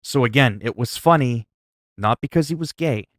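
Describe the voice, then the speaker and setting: A man's voice: mid-range voice, no room sound. A man livestreaming, chatting casually with his viewers and telling a story, often laughing and stumbling over his words. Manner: laughing, storytelling, halting restarts.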